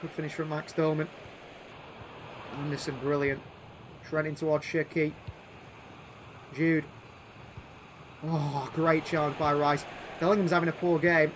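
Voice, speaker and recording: A man giving play-by-play commentary over a football video game, calling names in short bursts and shouting when chances come. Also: a little high, a little hiss or hum. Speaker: gaming YouTuber doing live commentary.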